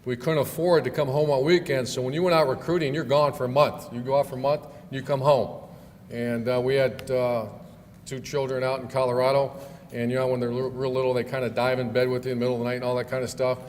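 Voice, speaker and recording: A middle-aged man, a football coach, giving a banquet speech with jokes. He tells stories in a folksy way with many filler pauses. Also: mid-range voice, level tone, darkish tone. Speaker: football coach, guest speaker. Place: large banquet hall. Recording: long hall reverb, faint room noise.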